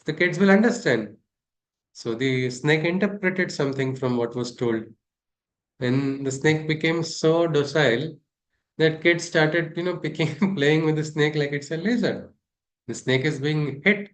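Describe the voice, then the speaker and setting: A man's voice: fairly high pitch, unhurried. A man teaching a scripture class, talking things through and asking his listeners rhetorical questions. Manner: discursive, asks rhetorical questions. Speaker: spiritual teacher.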